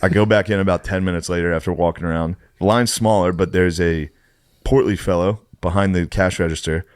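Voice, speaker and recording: Low-voiced man telling a profane story. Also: a little fast, no echo. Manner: profane, animated anecdote-telling with acted-out quotes. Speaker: podcast storyteller. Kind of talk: casual chat.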